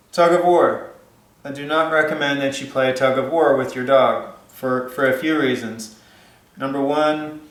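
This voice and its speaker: A man's voice: medium pitch, a bit bright. Casual man giving puppy advice, echoey room. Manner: rambling, many fillers and restarts. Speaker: dog trainer.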